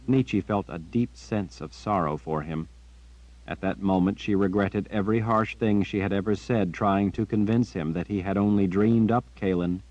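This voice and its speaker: A man narrating an audiobook in a steady, measured storytelling manner. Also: fairly low pitch, dry recording. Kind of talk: scripted narration. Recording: dry, dull lo-fi.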